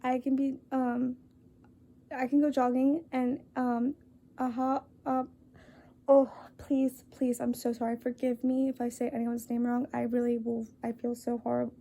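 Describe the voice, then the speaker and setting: A young woman talking earnestly to camera, halting and apologetic, with many fillers and restarts as she reads a list aloud. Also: fairly high pitch, monotone, dark tone. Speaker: vlogger. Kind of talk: earnest casual talk to camera.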